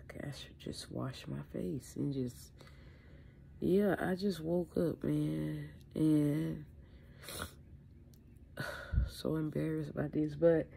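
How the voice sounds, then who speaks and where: A woman's voice: sits low, gravelly, warm tone. A woman vlogger from Louisiana, sick with allergies, talking candidly to camera in a rambling way with fillers and mild swearing. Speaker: beauty vlogger. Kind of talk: casual chat to camera. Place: indoors at home.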